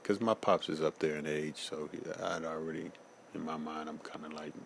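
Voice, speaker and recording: A man's voice: a bass voice, level tone, moderate pace, creaky, a little hiss or hum. A man giving a casual personal testimony, slangy and loose, often saying "man" and "you know.".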